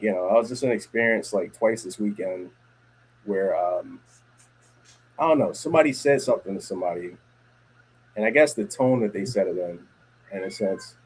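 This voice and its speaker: Man, podcast host, low husky voice, casual chat, rambling storytelling. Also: a little mellow, low-quality recording. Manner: rambling storyteller, many fillers and restarts.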